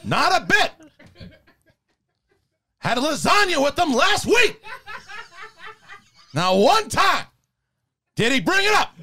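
A man doing a comedic impression of a loud, exasperated older movie star who rants and shouts in sudden bursts. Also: very high-pitched, very animated, slow, pauses often, voice pushed up, exaggerated voice. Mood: ranting.

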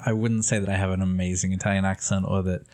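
A man's voice: sits low, little pitch movement, fast, darkish tone. A man from Australia with a mild Australian accent that has drifted toward American and English, chatting casually as an interview guest in a rambling, self-deprecating way. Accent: mild Australian, shifted toward American and English. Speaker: podcast guest.

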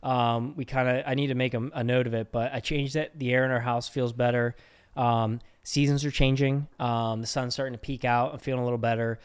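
A man in his thirties talks casually on a podcast, playful and easygoing. His voice sits at an ordinary middle pitch, and he keeps the tone light and joking. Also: little pitch movement, brisk, clear, resonant tone. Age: 30s. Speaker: podcast co-host. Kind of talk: casual chat.

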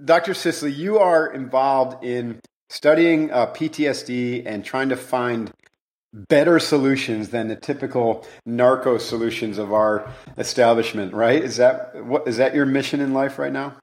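A man's voice: medium pitch, normal speed. A man hosting a podcast, talking in an upbeat, chatty and joking way while interviewing a guest. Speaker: podcast host.

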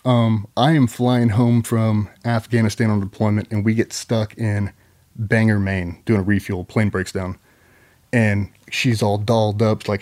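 A man's voice: on the low side, darkish tone. A man, a former Navy SEAL guest on a podcast, telling a long story in a rambling, profane, casual way.

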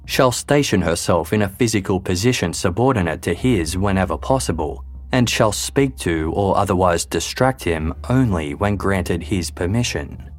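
A man reading a scripted true-crime narration in a measured, grave way. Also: deep voice, lively intonation. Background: faint background music.

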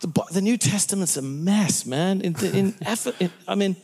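A middle-aged man from Australia with an Australian accent, a pastor answering interview questions in an animated, preacherly way, often restarting sentences and laughing at his own jokes. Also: high-pitched, normal speed. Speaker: pastor, guest.

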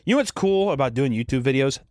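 A man's voice: mid-range voice, lively intonation, fast talker, darkish tone, no room sound, studio quality. A man co-hosting a podcast in casual chat, rambling, swearing freely and restarting his sentences. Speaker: podcast co-host.

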